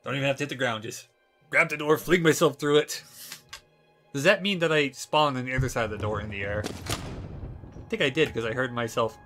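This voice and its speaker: A man's voice: medium pitch, brisk, long pauses, bright, forceful tone. Casting: young male streamer, playful and giggly, loose gameplay chatter, game music underneath. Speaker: livestreamer. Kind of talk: casual gameplay commentary.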